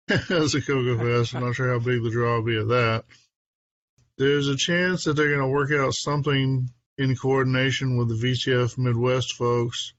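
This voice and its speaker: A man's voice: medium pitch, fairly bright tone, dull audio, a little hiss or hum. Chatty man hosting a podcast. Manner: laughs often, chatty and upbeat. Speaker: podcast host. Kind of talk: casual podcast chat.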